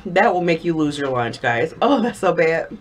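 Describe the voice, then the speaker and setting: A woman's voice: low voice, sing-song, normal speed, background noise. A woman co-hosting a casual taste challenge video, groaning and laughing at the flavors. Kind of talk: casual on-camera chat.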